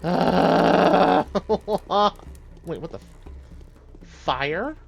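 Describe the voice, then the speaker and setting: A man with a notably high voice streams a game, chattering, swearing and exclaiming as he plays. He reads the characters' lines aloud in put-on British voices. Soft game music plays faintly underneath. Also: very slow, creaky. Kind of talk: let's-play commentary, reading game dialogue aloud.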